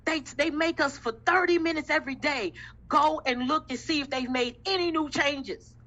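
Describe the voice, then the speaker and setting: Woman, impassioned faith testimony, bright forceful voice, preaching cadence, repeats for emphasis. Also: high-pitched, moderate pace, muffled recording. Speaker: group discussion member.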